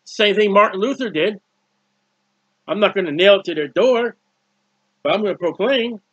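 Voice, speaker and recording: A man's voice: high-pitched, moderate pace, fairly bright tone, husky, no echo. A man preaching a fervent sermon, with many restarts and repeated words. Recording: dull lo-fi recording.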